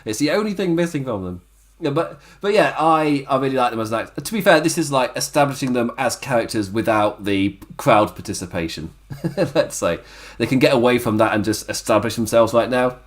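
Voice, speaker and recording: A man with a worn-out, hoarse throat, co-hosting a casual wrestling review podcast and laughing often. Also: mid-range voice, animated, brisk. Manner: laughs often, chatty and self-mocking. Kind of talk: casual chat.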